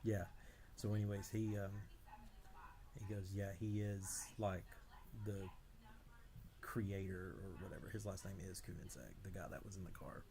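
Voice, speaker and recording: Low monotone man, halting and filler-heavy, noisy background. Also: vocal fry. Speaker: day trader streaming live. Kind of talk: casual chat.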